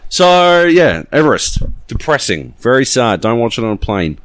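A man co-hosting a podcast, chatting casually in a jokey, sweary, animated way. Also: mid-range voice, normal speed, dry recording. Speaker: podcast co-host. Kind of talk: casual chat.

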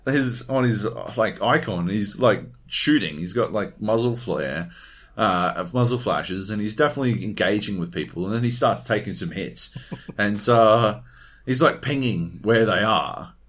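A man's voice: on the low side, unhurried. A man co-hosting a casual gaming podcast, swearing freely and acting out what others said. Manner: animated, swears freely, acts out quotes. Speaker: podcast co-host.

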